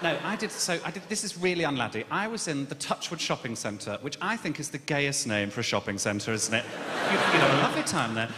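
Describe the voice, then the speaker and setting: A camp, self-mocking stand-up comic from Birmingham, his voice pitched high and swinging widely as he races through his set. He is recorded in a big echoing venue with a long reverb tail and heavy noise behind him. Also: big pitch swings, a little fast. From Birmingham, England. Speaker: comedian. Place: large echoing live comedy venue. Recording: echoey hall with loud noise.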